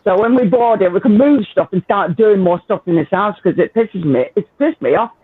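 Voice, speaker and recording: A man's voice: high voice, expressive, fairly quick, slightly rough, dry recording. A man with a Northern English accent hosting a casual live chat, talking freely, swearing and laughing often. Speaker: livestream host. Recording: tinny phone-like line.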